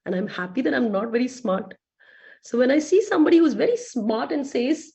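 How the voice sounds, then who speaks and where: A woman giving a lively motivational talk to a business team, asking rhetorical questions. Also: a little high, brisk, lo-fi sound. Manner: lively, acts out quoted voices, rhetorical questions. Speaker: motivational speaker.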